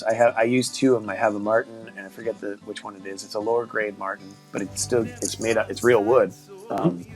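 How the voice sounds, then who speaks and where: A man's voice: on the low side, poor audio. A man hosting a casual interview, enthusiastic and a little rambling. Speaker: host. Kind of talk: casual video-call interview.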